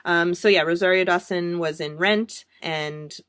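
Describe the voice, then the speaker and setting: A woman's voice: on the low side, steady tone, measured pace, a bit bright, clear, resonant tone, dry recording, studio quality. A woman co-hosting a casual podcast chat, talking freely and laughing often. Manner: chatty and giggly, laughs often. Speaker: podcast co-host.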